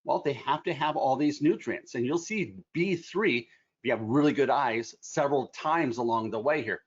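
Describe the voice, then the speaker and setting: A man's voice: mid-range voice, moderate pace, breathy edge. Middle-aged guy teaching a medical slide talk, eager and chatty, kinda muffled audio. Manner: explanatory, enthusiastic, folksy asides. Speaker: clinician lecturer. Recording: slightly dull lo-fi sound.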